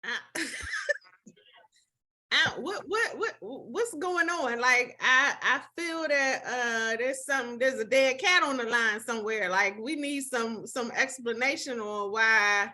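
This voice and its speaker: Female panelist, unhurried and questioning, bright high voice. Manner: hesitant, questioning. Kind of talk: casual chat.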